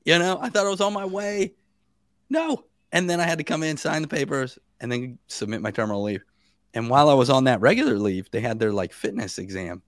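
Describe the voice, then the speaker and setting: A man in his thirties, a guest on a podcast, telling stories in a casual and animated way, laughing and acting out what people said. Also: mid-range voice, fast, no echo, studio quality.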